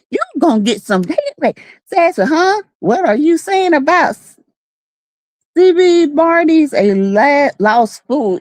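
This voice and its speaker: Sassy woman for a live-stream chat, high voice that swings all over, dry close sound. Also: darkish tone, dry recording. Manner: sassy, playful, greets viewers by name.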